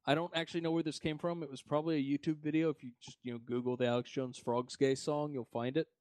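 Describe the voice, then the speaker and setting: A man's voice: on the high side, little pitch movement, quick pace, darkish tone, no echo. A man hosting a casual podcast, rambling in a laid-back way and swearing now and then. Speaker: podcast host. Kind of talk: casual chat.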